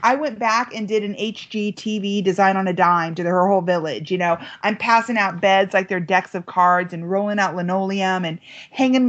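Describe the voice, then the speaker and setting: A middle-aged American woman, a guest telling a story in a lively way, jumping up in pitch when she quotes people. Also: dull audio. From United States. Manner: lively, quotes voices with big pitch jumps. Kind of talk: animated storytelling.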